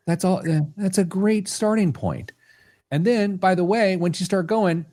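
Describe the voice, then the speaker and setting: A man hosting a podcast in casual chat, animated and thinking aloud, a little self-deprecating. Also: high voice, normal speed. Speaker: podcast host.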